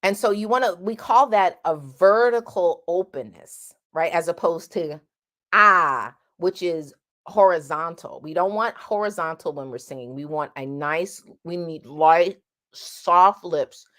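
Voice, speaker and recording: A woman coaching singing at an unhurried, deliberate pace. Her speaking voice sits a little low, and she cuts in with sung, held vowels to show each shape. Her tone is plain and no-nonsense. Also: a bit bright. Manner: sings vowel demonstrations between explanations; direct, blunt coaching. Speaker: singing teacher. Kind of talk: vocal lesson with demonstrations.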